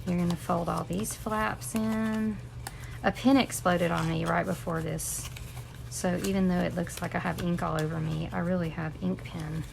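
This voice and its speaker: A woman's voice: fairly low pitch, flat delivery, moderate pace, creaky, a little hiss or hum. A woman teaching a casual live crafting tutorial, chatting and rambling with asides to her viewers. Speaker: crafting instructor.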